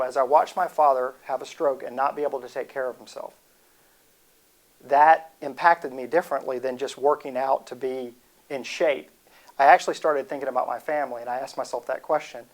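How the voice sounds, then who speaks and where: A man's voice: medium pitch, fairly even intonation, moderate pace. A man in his forties giving a humorous motivational talk, rambling and interrupting himself as he tells stories. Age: 40s. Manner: rambling, self-interrupting storytelling. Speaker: speaker.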